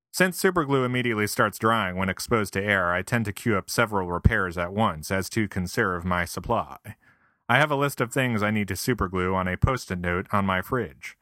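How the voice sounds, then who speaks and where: A man's voice: lowish voice, pushed and bright, no echo, studio quality. A man reading a scripted comic essay with wry, self-deprecating, mock-earnest asides. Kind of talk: scripted comedic narration.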